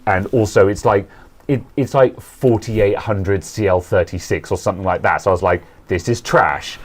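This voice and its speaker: A man's voice: fairly low pitch, steady tone, normal speed. A man co-hosting a casual tech chat stream, rambling with frequent ums and restarts. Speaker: co-host of a tech talk stream.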